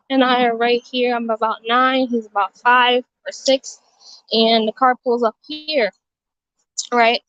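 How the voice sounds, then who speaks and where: Woman vlogger, high voice, earnest rambling storyteller, dull dry phone audio. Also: no echo. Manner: rambling, earnest, many fillers and restarts. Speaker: vlogger sharing a testimony. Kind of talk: casual storytelling to viewers. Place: outdoors in her childhood neighborhood. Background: music.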